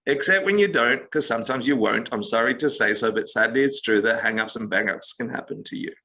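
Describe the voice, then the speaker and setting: A man guest on a podcast, explaining meditation in an animated, storytelling way and acting out little quotes as he goes. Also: mid-range voice, a little fast, low-quality recording. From United States. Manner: expressive storyteller, acts out quotes, gaming analogies.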